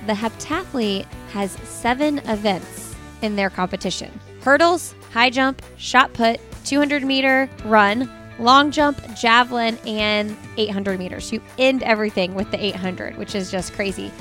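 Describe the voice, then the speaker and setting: A woman's voice: a little high, measured pace, few pauses, a bit bright, faint music behind. A woman hosting a podcast, chatty and upbeat as she introduces a guest and interviews her. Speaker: podcast host.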